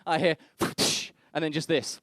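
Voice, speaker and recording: Speaking slowly in a fairly high, fairly bright voice with a steady tone, this young comedian brashly relates crude stories at a comedy club. He acts out the voices of the other people in them.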